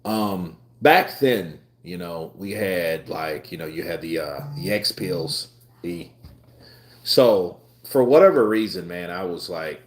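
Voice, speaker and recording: A man in his twenties hosts a live stream with a low, animated voice, speaking slowly. He chats casually, laughs a lot, and tells laid-back, rambling stories.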